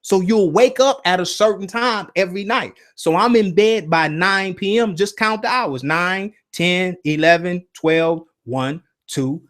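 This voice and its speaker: A man hosting a casual spiritual talk, telling stories in an animated way and often checking in with "right?" and "you see?". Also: high voice, measured pace, few pauses. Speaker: host.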